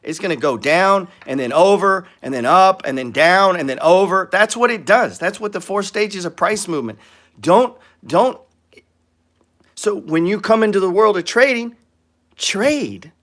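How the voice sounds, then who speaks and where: A man's voice: sits high, animated, unhurried, fairly bright tone. A man hosting a trading show, talking bluntly with frequent swearing and acting out what other people say. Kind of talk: profane ranting talk on trading.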